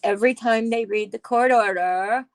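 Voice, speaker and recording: A woman's voice: a little high, normal speed. A middle-aged woman hosting a casual live stream, reading chat aloud with sarcasm and frequent laughs. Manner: sarcastic, laughs often, chats with viewers. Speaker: livestream host reading chat.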